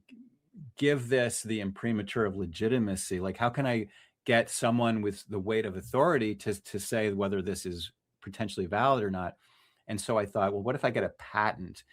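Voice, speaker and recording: A middle-aged man with a lowish voice talks in a loose, conversational way. He is a freelance journalist who often breaks off mid-phrase and starts again as he works through his ideas. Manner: restless, self-correcting, many restarts and fillers. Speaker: freelance journalist, podcast guest. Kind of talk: casual conversational interview.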